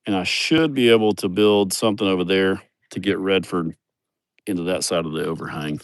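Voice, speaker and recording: A man's voice: low voice, brisk, no echo, clean studio sound. Joking man on a farm tour. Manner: crude, joking, rambling. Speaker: vlogger showing his farm. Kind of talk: casual livestream tour. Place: outdoors on rural farmland.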